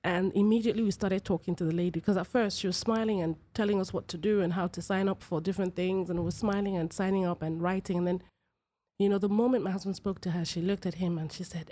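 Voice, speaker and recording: A woman's voice: fairly low pitch, steady tone, fast talker, mellow. A woman from Nigeria hosting a personal podcast, talking emphatically and repeating phrases for effect. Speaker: podcast host.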